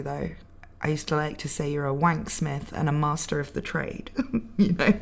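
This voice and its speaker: Gravelly and low, this young Englishwoman's voice is animated yet a little slow. Her accent is mildly posh, and she chats on a stream while reading viewer comments aloud, giggling and laughing frequently between remarks.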